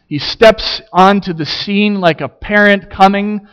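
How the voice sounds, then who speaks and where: A man preaching a sermon, building rhetorical questions with dramatic pauses. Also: high voice, a bit bright, clean tone, dull audio. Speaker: pastor.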